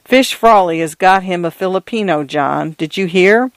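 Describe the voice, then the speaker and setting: A man's voice: sits high, normal speed, smooth, no echo. A man voicing a genial priest in his late fifties who chats easily and tells gossip, in a read-aloud story. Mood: chatty. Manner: easygoing, chatty.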